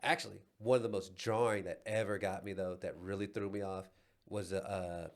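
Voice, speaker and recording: A man's voice: low-pitched, steady tone, brisk. Rambling man telling stories. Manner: rambling storyteller with many restarts. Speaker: podcast co-host. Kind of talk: casual chat.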